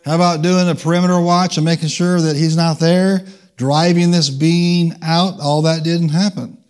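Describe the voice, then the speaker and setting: A man's voice: on the high side, fairly even intonation, moderate pace, a little mellow, clear, resonant tone. A man preaching a sermon, leading the congregation in call-and-response and changing his pace for emphasis. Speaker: pastor. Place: church.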